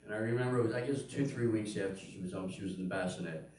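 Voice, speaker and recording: A man's voice: lowish voice, racing, a little mellow. Older male stand-up comic in an echoey room. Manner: punchy storytelling, acting out quoted voices. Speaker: stand-up comedian. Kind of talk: stand-up routine. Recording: very echoey room, mic at a distance.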